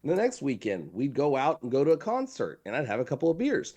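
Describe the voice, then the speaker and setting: A man talking as a marketing guest in a relaxed interview, telling stories with emphasis. His pitch swings widely and keeps his delivery animated, and his voice sounds warm and mellow. He leans on his key phrases and repeats them. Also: fast talker. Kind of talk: conversational interview storytelling.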